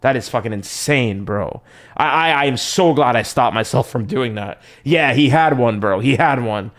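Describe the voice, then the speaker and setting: Young man, streamer, casual storytelling, profane, rambling, slangy, lively swooping pitch. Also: normal speed. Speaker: livestreamer.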